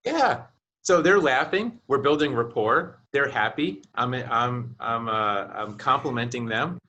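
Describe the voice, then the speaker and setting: A man's voice: mid-range voice, expressive, unhurried, bright, forceful tone. A man co-hosting a casual podcast chat over a video call, teasing and playful, slipping into little acted bits. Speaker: podcast co-host. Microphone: video call mic.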